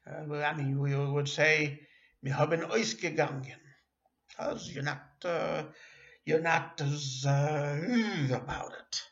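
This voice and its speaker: A man gives a slow spoken language lesson, patient and hesitant with fillers, correcting himself as he goes. His voice is a little high and fairly bright, slow-paced, recorded in an echoey room with dull lo-fi sound.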